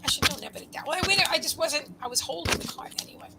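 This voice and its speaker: A woman giving a live psychic card reading, rambling and breaking off mid-sentence, with quiet murmured asides. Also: extremely high pitch, racing, very noisy. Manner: rambling, self-interrupting, drops into soft asides. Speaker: psychic reader.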